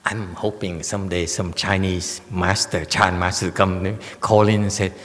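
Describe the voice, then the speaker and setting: A man, a Buddhist monk giving a slow, joking dharma lecture with many fillers and teasing asides. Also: deep voice, level tone, a bit bright. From United States. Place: temple lecture hall. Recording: long hall reverb.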